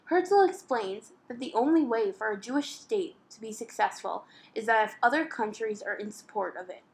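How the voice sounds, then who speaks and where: A woman's voice: fairly high pitch, moderate pace, vocal fry, a little mellow, rough recording. A woman narrating a school history project in an earnest, read-aloud way.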